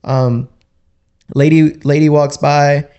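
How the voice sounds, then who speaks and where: A man talking as a podcast guest in a casual, rambling way, full of "like" and "you know", and quick to laugh. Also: a little high, flat delivery, warm tone, clear, resonant tone, muffled recording. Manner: laughs easily while telling stories.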